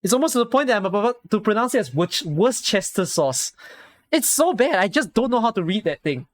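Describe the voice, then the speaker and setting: Excitable Singaporean woman streamer. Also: mid-range voice, fast talker. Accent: Singaporean English. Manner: excitable, gushing exclamations, rambling. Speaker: live streamer. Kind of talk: casual live-stream chat with viewers.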